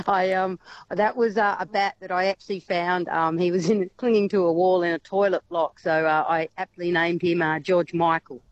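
A woman's voice: on the low side, moderate pace. Chatty woman on a dull line. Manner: chatty, laughs often, many fillers. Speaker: wildlife carer. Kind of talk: radio interview.

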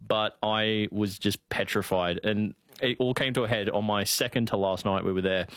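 A man with a rural Australian accent, co-hosting a casual talk show and telling stories in an animated, chatty way with many fillers. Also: on the low side, moderate pace, no echo. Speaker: show co-host. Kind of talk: casual chat.

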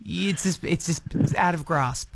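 A woman's voice: lowish voice, takes it slowly, creaky, a little hiss or hum. A woman hosting a radio show in casual, chatty talk, often restarting her sentences. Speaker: radio host. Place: radio studio.

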